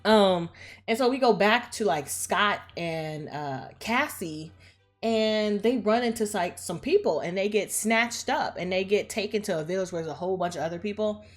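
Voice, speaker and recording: A woman casually retelling a movie plot in a slangy, profane, animated way, acting out the characters as she goes. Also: mid-range voice, normal speed, soft background music. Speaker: movie recap vlogger.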